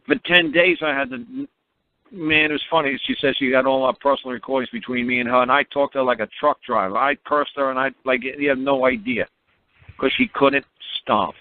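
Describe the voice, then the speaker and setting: A man's voice: medium pitch, lively intonation, fairly quick, gravelly. Blunt man on a tinny radio line. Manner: blunt, emphatic, repetitive, laughs at his own stories. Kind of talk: animated monologue on a call-in radio show.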